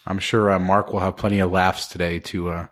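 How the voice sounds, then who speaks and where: A man's voice: low-pitched, level tone, fairly quick, a bit bright. A man hosting a podcast, opening the show in an upbeat presenter manner and then chatting with his co-hosts. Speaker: podcast host. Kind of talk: podcast host intro and chat.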